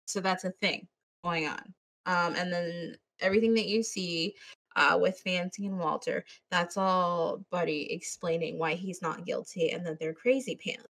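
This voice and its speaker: A woman's voice: lowish voice, fairly even intonation, moderate pace, fairly bright tone. A woman hosting a podcast, casually retelling a movie with plenty of swearing and quoted voices. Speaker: podcast host. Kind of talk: casual movie-review chat.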